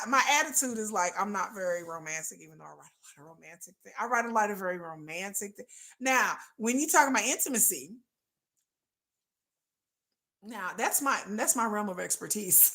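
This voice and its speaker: A woman's voice: mid-range voice, animated, fairly quick, sharp tone. A woman hosting a casual livestream, talking candidly and bluntly and laughing often. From United States. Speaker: livestream host.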